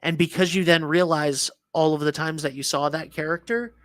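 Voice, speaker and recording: A man's voice: a little high, steady tone, normal speed, no echo. A man co-hosting a casual morning chat show, telling long, rambling stories with many restarts. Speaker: co-host.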